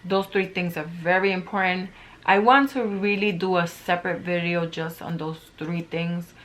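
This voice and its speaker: A woman's voice: lowish voice, fairly even intonation, moderate pace, a bit bright. A middle-aged woman vlogger talking casually and earnestly to her viewers, driving points home by repeating them. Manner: earnest, emphatic, repeats phrases for emphasis. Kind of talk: casual motivational talk to camera.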